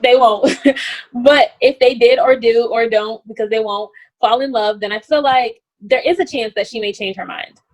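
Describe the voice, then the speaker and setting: A young woman co-hosting a casual reality-TV recap chat, talking fast and loose with lots of "like" and laughs. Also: a little high. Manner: chatty, animated, laughs often, lots of "like". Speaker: podcast co-host.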